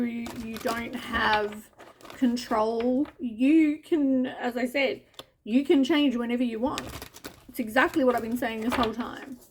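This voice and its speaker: A woman's voice: on the high side, noisy background. A woman doing a casual tarot reading, talking straight to the listener in a chatty, offhand way with mild swearing and asides. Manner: addresses the listener directly as you. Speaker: tarot reader.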